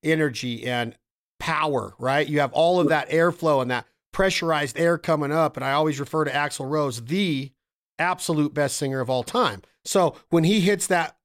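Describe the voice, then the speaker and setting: A man hosting a podcast, chatting enthusiastically about calling technique and breaking into quick vocal imitations. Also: a little high, clear, resonant tone. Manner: enthusiastic, imitates calls and singers mid-talk. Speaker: podcast host. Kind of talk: casual technical chat.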